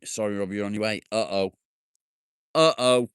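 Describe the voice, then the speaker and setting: Male live-stream host, low, dry voice, jokey banter with viewers, casual swearing. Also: normal speed, smooth, no room sound. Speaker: livestream host. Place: outdoors in his garden with his dog.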